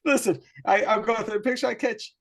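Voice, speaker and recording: A man's voice: high-pitched, a little fast, creaky, a bit bright. A man co-hosting a podcast, telling a crude story in casual chat, laughing often and acting out the quotes. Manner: laughing, profane, acts out quotes. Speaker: podcast co-host.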